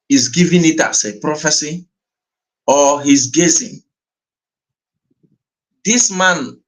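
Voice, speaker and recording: A man with a Nigerian accent gives earnest livestream commentary, slipping between English and Igbo. He speaks slowly and repeats his points. His voice sits a little high for a man. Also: fairly bright tone, low-quality recording. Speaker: livestream host. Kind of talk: commentary on a played clip.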